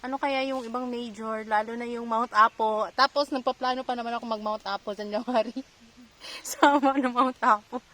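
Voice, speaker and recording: Filipino woman, high bright voice, laughing casual chat. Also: steady tone, a little fast. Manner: chatty, laughing, mixing Tagalog and English.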